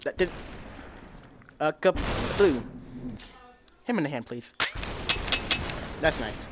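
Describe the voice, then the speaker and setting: A young man giving casual let's-play commentary while playing a VR game, reacting with loud exclamations. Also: a little high, animated, measured pace. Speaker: gamer playing VR with a friend. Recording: noisy with game gunfire behind.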